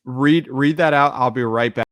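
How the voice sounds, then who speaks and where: A man's voice: medium pitch, moderate pace, a bit bright, no echo. A man co-hosting a podcast, ranting with heavy swearing in casual banter. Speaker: podcast co-host.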